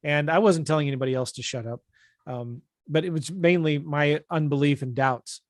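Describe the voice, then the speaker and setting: A middle-aged man with a fairly high voice tells a casual, self-deprecating story. He rambles, stops and restarts often, and fills gaps with ums and uhs. The sound is close and dry, with no room around it. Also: moderate pace, no room sound. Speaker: real estate investing coach.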